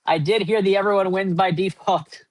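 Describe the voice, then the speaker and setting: A man's voice: high-pitched, steady tone, normal speed, dry recording. A man hosting a live card-opening stream, rattling off running point totals and hyping up each pull. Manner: running tally of numbers, upbeat hype. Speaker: host.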